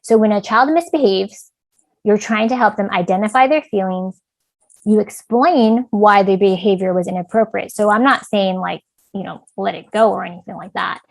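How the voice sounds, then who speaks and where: Woman presenter on a video call, casual and chatty, relaxed fillers, some vocal fry, dry close sound. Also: mid-range voice, no room sound, low-quality recording. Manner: conversational, many fillers like "like" and "um". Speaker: parent education speaker, clinical supervisor.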